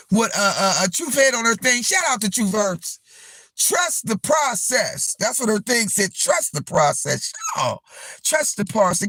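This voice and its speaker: A man hosting a live stream, giving a casual, preachy rant to his viewers, swearing freely and dropping gospel phrases, swinging between shouts and low asides. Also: no room sound. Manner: uses profanity and gospel phrases. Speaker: livestream host.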